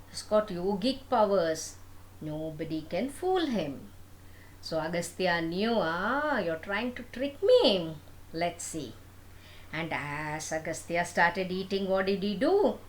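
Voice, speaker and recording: An older woman storyteller speaking slowly and deliberately, her pitch swinging lively through each line. She turns often to her young listeners with asides and questions as she tells an old tale. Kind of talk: telling a myth to grandchildren.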